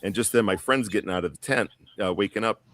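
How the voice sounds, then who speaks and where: A man's voice: lowish voice, fast talker, fairly bright tone. A man telling a long story on a podcast panel in a casual, rambling way, full of fillers and restarts. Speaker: guest.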